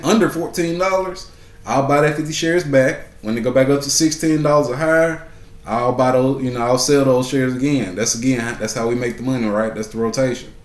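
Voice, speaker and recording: A man talking through his trading day in an easygoing way. His voice sits at an ordinary pitch, and he keeps checking in with "right?" and says key points twice. The room around him is noticeably echoey. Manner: conversational, keeps asking "right?", repeats phrases for emphasis. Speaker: stock market vlogger. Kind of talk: casual market recap.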